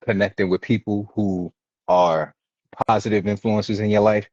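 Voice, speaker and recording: A Baltimore man appears as an interview guest, earnestly recounting life stories in slangy, casual chat and acting out the people he quotes. His voice is fairly low and even, a little mellow, at a normal speed. The recording is dry, dull, and lo-fi.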